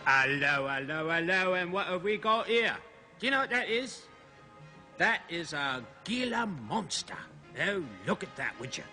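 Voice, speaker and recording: A man's voice: sits high, expressive, a little slow, sharp tone, full character voice. An actor playing a jolly male explorer narrating his animal film, chatty and marvelling as he talks to the lizards. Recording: music playing under old TV film.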